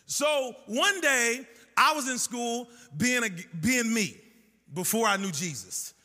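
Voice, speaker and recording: High, bright-voiced preacher in a hall. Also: male voice, animated, slow pace. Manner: sing-song preaching cadence; storytelling with acted-out dialogue. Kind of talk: sermon. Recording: long reverb of a large hall.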